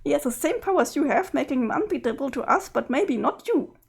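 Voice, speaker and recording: A guilty, exasperated young woman apologizes, coaxes and pleads, as a woman voices her while reading a webcomic aloud. The voice is high and lively, and it turns impatient when the pleading gets nowhere. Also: brisk, vocal fry. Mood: coaxing.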